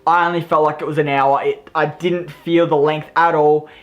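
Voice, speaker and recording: A man's voice: a little high, little pitch movement, moderate pace, dull audio. Chatty Australian guy reviewing films. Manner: enthusiastic, rambling, self-deprecating. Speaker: movie reviewer. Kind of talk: casual vlog review.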